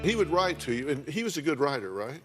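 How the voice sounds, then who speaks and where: A man's voice: a little high, big pitch swings, fast talker, fairly bright tone, soft background music. An older man hosting a talk show, interviewing a guest with folksy, probing questions. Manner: folksy, probing, reads letters aloud.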